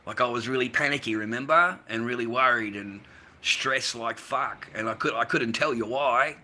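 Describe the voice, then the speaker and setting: An Australian man talking to viewers on a livestream, rambling and swearing freely, swinging between loud ranting and tired, low musing. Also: moderate pace. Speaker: livestream host. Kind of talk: casual livestream talk to viewers.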